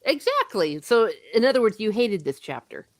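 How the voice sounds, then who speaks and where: A woman hosting a casual book discussion, excitedly retelling the story and gushing over her favorite parts. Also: a little high, moderate pace, no echo.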